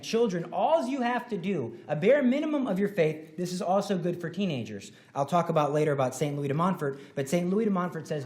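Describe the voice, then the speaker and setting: Conference speaker: a man with a slightly high voice, earnest and animated, who pushes his points hard. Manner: animated, jumps to loud emphatic bursts; earnest and exhorting. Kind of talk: devotional talk at a symposium.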